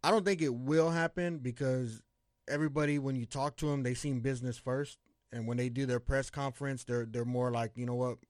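A man chatting casually about football as a podcast co-host, excitable and profane, often repeating words as he talks. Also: medium pitch, a little fast, no echo, clean studio sound. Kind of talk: casual sports chat.

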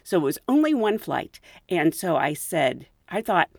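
Animated woman telling work stories. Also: fairly low pitch, normal speed, creaky, hardly any pauses, no echo, clean studio sound. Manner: animated, laughs often, acts out quotes. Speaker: podcast host and flight attendant. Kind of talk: anecdotal storytelling.

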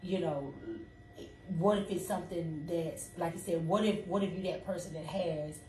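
A woman's voice: on the low side, fairly even intonation, moderate pace, a little mellow. A woman co-hosting a casual faith talk, conversational and restarting her sentences often. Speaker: co-host. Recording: roomy, distant mic, faint noise.

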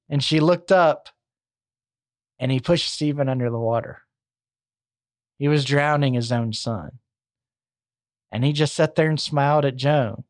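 A young man tells a true crime story in a conversational, wry way. His voice sits slightly high for a man. The recording is dry and close to the mic. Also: unhurried, smooth, no room sound. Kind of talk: casual true crime narration.

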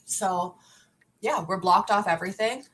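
A woman's voice: mid-range voice, unhurried, fairly bright tone, a little hiss or hum, poor audio. A young woman, a podcast guest, telling a candid story in a profane, exasperated run-on way.

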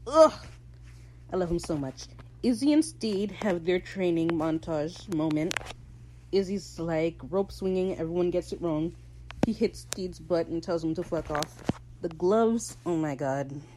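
A woman hosting a podcast, recapping a TV episode in casual, opinionated talk and slipping into quick character voices. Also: lowish voice, noisy background. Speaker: podcast host.

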